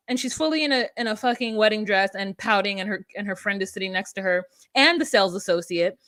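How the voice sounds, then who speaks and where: A woman's voice: fairly high pitch, quick pace, hardly any pauses, fairly bright tone, dry recording, clean studio sound. A woman co-hosting a podcast, recapping a reality show in casual chat with blunt, sarcastic, freely swearing remarks. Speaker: podcast co-host.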